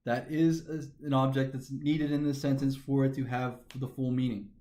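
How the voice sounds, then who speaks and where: A man's voice: medium pitch, level tone, moderate pace, warm tone. Methodical male teacher in an echoey room. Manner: methodical, talks through each step aloud. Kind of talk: recorded grammar lesson.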